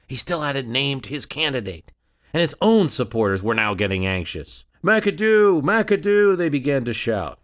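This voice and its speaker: A man's voice: medium pitch, fairly bright tone. A man narrating a history story in a dramatic scripted style, with rhetorical questions and shifting emphasis.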